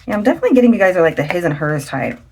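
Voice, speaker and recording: Woman doing a tarot reading, kinda low voice, super chatty and excitable, faint noise in the back. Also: very fast. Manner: chatty and excitable, breaks into laughs and exclamations. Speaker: tarot reader. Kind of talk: casual tarot reading to camera.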